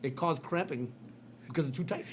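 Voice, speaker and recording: A man's voice: a little high, a little fast, a little hiss or hum, natural voice. A man voicing a blunt, easygoing middle-aged male doctor with an Indian accent, giving offhand, matter-of-fact advice.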